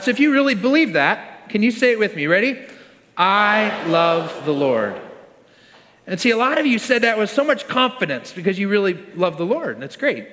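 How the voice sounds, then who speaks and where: A man's voice: high-pitched, bright, forceful tone. A man preaching a conversational sermon to a congregation, leading them in call-and-response. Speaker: pastor. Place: church hall with congregation. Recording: long reverb of a large hall.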